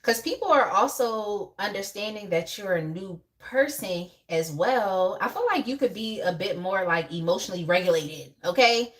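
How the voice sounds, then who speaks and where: A woman's voice: mid-range voice, expressive, moderate pace, few pauses, fairly bright tone. A young woman hosting a casual live tarot reading, chatty and laughing often as she talks to viewers in the chat by name. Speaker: tarot reader on a live stream.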